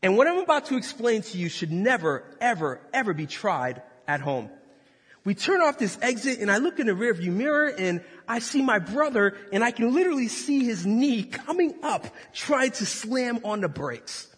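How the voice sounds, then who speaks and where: A male pastor tells a story in a sermon with lots of energy, joking and acting out the people in it. His voice sits high and swings widely in pitch. A long reverb follows him around a large church hall. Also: moderate pace, husky. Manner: animated, jokey, acts out voices.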